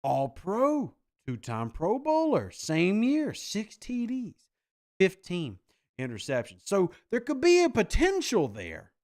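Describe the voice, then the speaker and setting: Brief: man impersonating a smug middle-aged team exec, pompous, slightly high voice. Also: wildly swooping pitch, slow pace, darkish tone, heavily acted. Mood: mock-serious. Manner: mock-formal, lecturing. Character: smug middle-aged male football executive.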